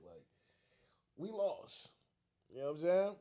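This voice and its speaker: Slow and sing-song, this man's high-pitched, slightly mellow voice carries a frustrated fan's rant on his own sports show. He curses and uses slang, circles back over the same points, and lets out disbelieving laughs, clearly upset.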